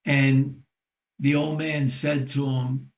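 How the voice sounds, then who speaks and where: Slow, reflective older man. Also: medium pitch, flat delivery. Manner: unhurried, reflective storyteller. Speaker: therapist and recovery mentor. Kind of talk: casual storytelling in a podcast discussion.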